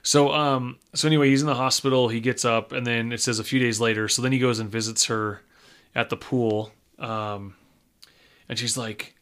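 A man's voice: mid-range voice, steady tone, normal speed, fairly bright tone, smooth. A young man in casual conversation, laid-back as he recaps a comic book plot step by step. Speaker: comic book discussion co-host. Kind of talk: casual chat.

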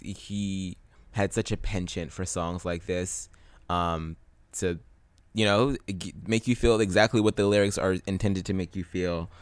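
A man's voice: low voice, a bit bright, clean tone, no echo. A man co-hosting a podcast in casual chat, enthusiastic and rambling, full of fillers and restarts as he talks through songs. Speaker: podcast co-host.

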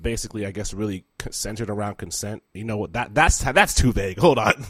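Podcast host, male, lowish voice, joking, dry close sound. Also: a little fast, fairly bright tone, no room sound. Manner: jokey, laughs a lot, says bro. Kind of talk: casual chat.

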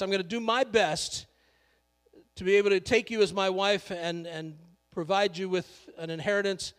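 A man's voice: sits high, fairly even intonation, normal speed, smooth, long reverb tail. A male pastor preaching a sermon in a conversational, joking way, laughing often.

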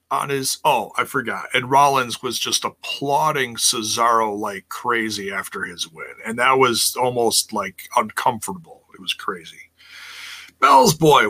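Bright-voiced man recapping wrestling, slow. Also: medium pitch. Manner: chatty, exasperated, reads chat aloud. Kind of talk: casual live-stream chat.

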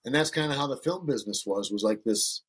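A husky-voiced, middle-aged man from Northern Michigan spins casual stories as a podcast guest. His pitch sits in the middle range, and he swears freely and acts out the people he quotes. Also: lively intonation, quick pace, fairly bright tone. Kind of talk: casual storytelling.

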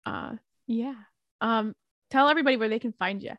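A woman's voice: on the high side, fairly quick, fairly bright tone, no echo, lo-fi sound. Breezy podcast host woman, dry sound. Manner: breezy, laughs often. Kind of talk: casual podcast chat.

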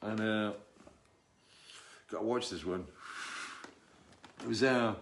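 A middle-aged musician rambles through stories and reads viewer comments during a live stream, keeping it chatty and full of jokes. He speaks slowly in a fairly low voice with vocal fry, and background noise is audible.

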